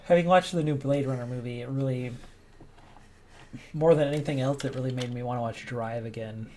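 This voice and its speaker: A man's voice: medium pitch, steady tone, a little fast, a little mellow, slight background noise. A man hosting a casual let's-play, joking and sarcastic while he plays. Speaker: host.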